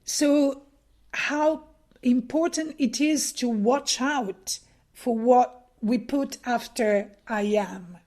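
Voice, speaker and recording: A woman's voice: on the high side, drawn-out words, a little mellow. A woman in her fifties hosting a podcast, speaking thoughtfully with a lot of fillers. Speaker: podcast host. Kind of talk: casual podcast conversation.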